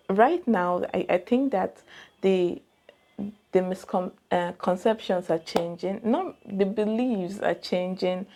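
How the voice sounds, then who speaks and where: A woman's voice: medium pitch, warm tone. A young woman with a Nigerian accent, casually retelling a true crime case, chatty and digressive, often asking her viewers questions. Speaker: true crime channel host.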